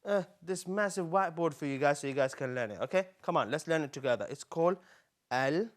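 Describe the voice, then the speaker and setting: A man hosting a live children's Quran lesson, speaking in an animated and coaxing way and repeating words slowly for young learners. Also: fairly high pitch. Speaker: Quran teacher.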